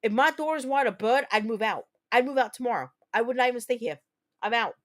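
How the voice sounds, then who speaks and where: A woman from New Jersey hosting a casual livestream chat, talking in a rambling, profane way and quick to launch into rants. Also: a little high, expressive, fairly bright tone. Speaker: livestream host.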